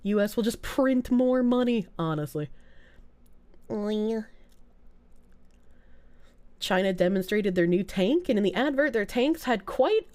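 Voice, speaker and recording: A woman's voice: mid-range voice, lively intonation, measured pace, long pauses, darkish tone. A woman from the United States who streams, chatting casually and sarcastically with her viewers and laughing often. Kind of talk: casual chat reacting to viewer comments.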